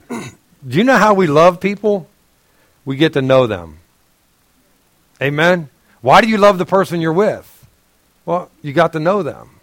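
Recorded dry, this pastor's slightly high, expressive voice moves at a measured pace with frequent pauses. His sermon unfolds as casual, chatty storytelling, punctuated by throat-clearing and laughter shared with the congregation.

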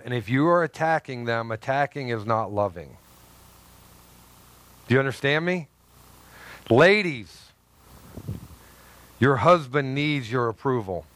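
A man preaching a sermon as pastor, lively and joking, swinging between loud emphasis and soft asides. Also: fairly high pitch, no room sound.

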